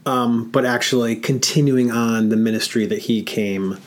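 A man co-hosting a casual podcast discussion, talking in a halting way with many fillers and restarts. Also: mid-range voice, steady tone. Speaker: podcast co-host.

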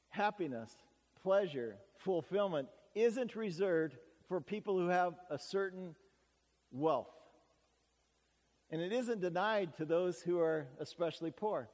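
A man preaching a sermon, earnest and measured, pausing often as he reads scripture and explains it. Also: on the high side, a little mellow, in a large hall. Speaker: pastor.

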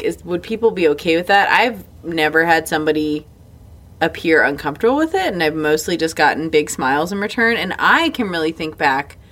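A woman's voice: lowish voice, a bit bright. A woman in her thirties co-hosting a podcast, telling stories candidly, swearing freely and laughing often. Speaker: podcast co-host. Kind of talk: casual chat.

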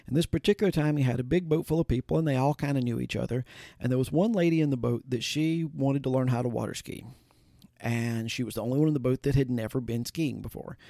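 Folksy man with a gravelly, mellow voice. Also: medium pitch, no room sound, studio quality. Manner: folksy, conversational, with restarts and asides. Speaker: podcast host. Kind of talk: casual spoken storytelling and advice.

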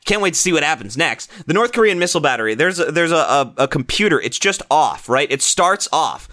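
A man with a bright, forceful voice sitting a touch high for his sex, chatting casually about video games. He rambles, swears freely and slips into mocking impressions of game characters. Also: sing-song, fairly quick.

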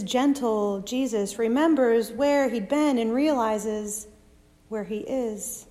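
Woman, preacher, sermon, high-pitched voice, hushed whispers, reverberant hall. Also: slow pace. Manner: dramatic, drops to soft whispers. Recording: long reverb of a large hall.

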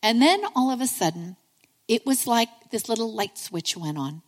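Middle-aged woman preacher, slightly high voice, warm conversational storytelling delivery, heard with hall reverb. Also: lively intonation, moderate pace. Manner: earnest, conversational, addresses listeners as friends. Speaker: speaker giving a sermon. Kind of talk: sermon with personal storytelling.

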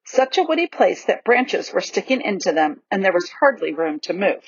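A woman reading a children's novel aloud in a lively, expressive storybook narration, in a dull, dry recording. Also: medium pitch, normal speed, breathy edge, dry recording. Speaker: audiobook reader.

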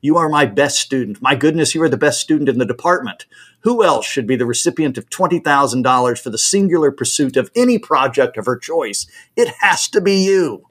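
A man voicing a jovial, buoyant old male art professor in his eighties, talking slowly. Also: medium pitch, expressive, fairly bright tone, slightly rough.

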